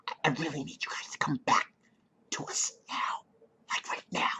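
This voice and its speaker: A man doing a whispery pleading businesswoman. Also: normal speed. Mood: pleading whisper. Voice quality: breathy whisper. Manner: pleading, hushed. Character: soft-spoken pleading businesswoman, female. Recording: dull lo-fi recording.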